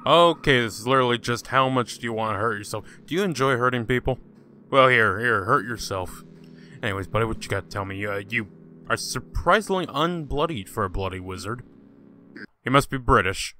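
A man's voice: mid-range voice, expressive, fairly quick, pushed and bright, slight background noise. A man hosting a casual gaming let's-play, joking sarcastically and talking back to the game's characters. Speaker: gaming channel host.

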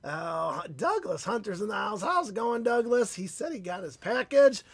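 A man's voice: high voice, sing-song, moderate pace, breathy edge, no echo. A man hosting a live card-opening stream, upbeat and chatty as he greets viewers by name, while his voice is phlegmy and starting to go. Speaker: card-breaking stream host.

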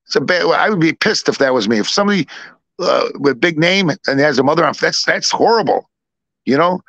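A man's voice: on the high side, expressive, fairly quick, a bit bright, no echo, highs cut off. A middle-aged man telling a rambling family story in casual chat, acting out the voices of the people in it. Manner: rambling, repeats himself, acts out both sides of dialogue. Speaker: podcast co-host.

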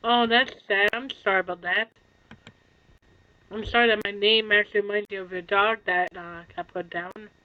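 A tired woman streamer in casual chat, soft-spoken and apologetic, yawning now and then. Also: mid-range voice, fairly even intonation, normal speed, dull audio.

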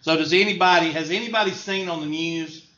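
A man's voice: on the high side, fairly quick, sharp tone. Folksy man teaching a math class. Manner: folksy, joking, drawling. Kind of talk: classroom lecture. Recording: echoey room, dull lo-fi sound, faint noise.

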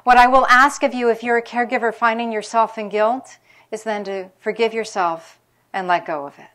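A woman's voice: a little high, fairly even intonation, moderate pace, fairly bright tone. A middle-aged woman physician giving a public lecture on caregiving, speaking frankly and telling personal stories. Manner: candid, anecdotal, speaks frankly about caregivers' feelings. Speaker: palliative care physician.

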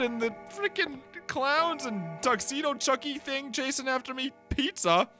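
A man's voice: very high-pitched, normal speed, loud music behind the voice. A man doing horror game commentary, jumpy, screaming and laughing nervously. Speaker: gameplay video host.

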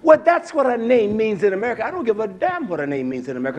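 Man, high voice, fiery preacher, shouts now and then, swears, repeats for emphasis, says "uh" a lot. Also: very animated, racing, few pauses. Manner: often shouts, with many "uh" fillers. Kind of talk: fiery sermon.

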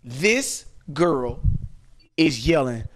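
A man hosting a podcast, telling a story in casual chat, animated and laughing often as he acts out quotes. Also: mid-range voice, extremely slow, a little hiss or hum. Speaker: podcast host. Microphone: podcast studio mic.

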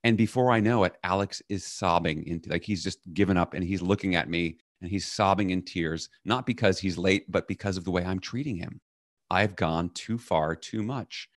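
A middle-aged man, a leadership coach, telling a personal story as a podcast guest and loudly acting out the orders he quotes. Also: low-pitched, normal speed, no echo, studio quality. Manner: animated, acts out quoted commands loudly.

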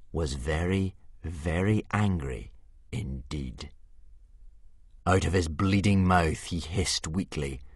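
A man narrating an audiobook with vivid, dramatic storytelling that drops to a hush in tense moments. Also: deep voice, breathy edge, no echo, clean studio sound.

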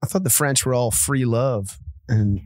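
A man of middle pitch co-hosts a podcast, telling loose, rambling stories in a casual way. The close mic gives a dry sound. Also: measured pace, darkish tone, no echo. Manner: rambling storyteller with frequent laughs and restarts. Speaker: podcast co-host.

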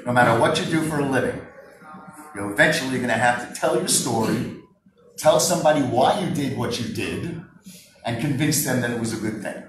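A man leading a live public speaking workshop, very animated and moving from soft talk to shouting. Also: mid-range voice, noisy background. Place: workshop room with an audience. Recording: roomy sound from a distance, faint ambience.

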